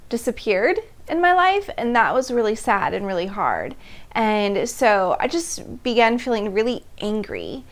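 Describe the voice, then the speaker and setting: A woman in her thirties hosts a personal storytelling monologue, her voice a little high. She's animated, laughing between phrases as she acts out how she reacted back then.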